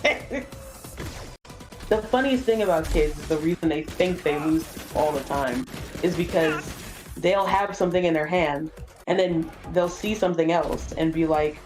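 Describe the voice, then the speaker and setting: A young woman chatting casually during a game stream, telling stories with lots of "like" and swearing, copying kids in squeaky voices. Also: unhurried, darkish tone, soft background music, low-quality recording. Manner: casual swearing, says "like" a lot. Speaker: streamer co-host. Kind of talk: casual chat while gaming.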